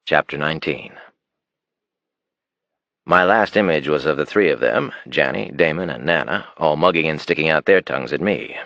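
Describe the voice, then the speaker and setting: Deep-voiced man, gravelly, expressive audiobook narration, dry dull recording. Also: moderate pace, no echo. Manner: expressive reading, drops to a hushed tone in romantic passages.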